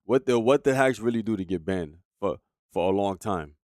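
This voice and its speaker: A male streamer talks straight to his chat in a heated, profane rant. His voice sits low. The sound is dry and close, with no room around it. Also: moderate pace, a little mellow, dry recording. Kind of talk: casual livestream commentary.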